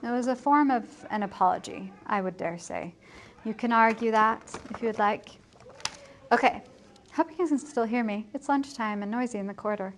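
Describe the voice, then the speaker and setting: A woman's voice: on the high side, moderate pace, slight background noise. A woman teacher giving a casual, chatty plot summary to her students, correcting herself as she goes and lightly acting out the lines. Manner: chatty, self-correcting, acts out quotes lightly. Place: school building at lunchtime.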